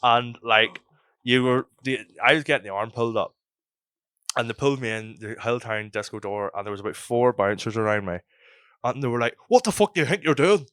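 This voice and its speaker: A man's voice: mid-range voice, fairly quick, clear, resonant tone, dry recording, studio quality. A young man telling a rambling, sweary story in a casual podcast chat. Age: young adult. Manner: swearing, rambling, animated retelling. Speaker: podcast host.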